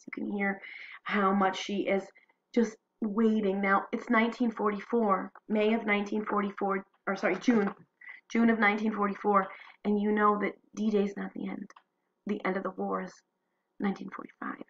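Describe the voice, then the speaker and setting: Woman teacher: earnest reader, mid-pitched, chatty asides with fillers, muffled lo-fi recording. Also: flat delivery, normal speed. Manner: earnest reading, then loose chat with many fillers. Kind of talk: reading a diary aloud and commenting.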